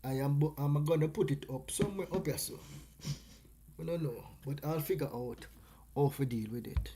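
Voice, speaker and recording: Jamaican guy doing a casual livestream, animated, patois mixed in, keeps saying my people. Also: on the high side, moderate pace, slight background noise. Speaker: vlog host. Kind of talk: casual live stream chat.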